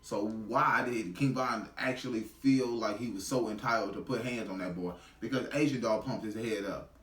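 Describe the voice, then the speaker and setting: A man's voice: lowish voice, normal speed, a bit bright, roomy sound, distant mic. A man giving a heated, profane reaction commentary in blunt street slang.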